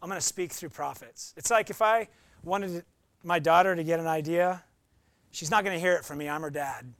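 High-voiced playful male pastor. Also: normal speed, a bit bright, no echo. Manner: playful, acts out voices and quotes. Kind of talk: sermon.

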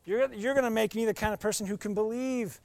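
A man's voice: high voice, fast talker, gravelly. A young adult man preaching a conversational sermon as pastor, often acting out quoted voices.

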